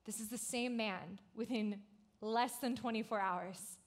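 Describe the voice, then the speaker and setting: Chatty woman pastor, higher voice. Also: a little slow. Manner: casual, conversational, frequent "like" fillers; animated storytelling. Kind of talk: youth sermon.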